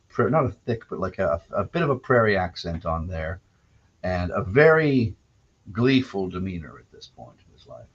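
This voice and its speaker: On a dull, lo-fi recording, a solo podcast host from Canada tells meandering stories that drift off on tangents, punctuated by wry self-corrections. He's a man whose voice sits on the low side with a slight roughness.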